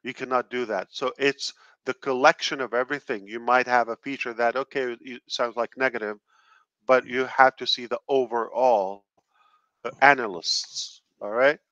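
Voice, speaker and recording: A man joining a casual call as a guest, giving earnest advice in halting phrases with frequent restarts. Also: mid-range voice, fairly even intonation, pushed and bright, no room sound, dull audio. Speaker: special guest. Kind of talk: casual video-call chat.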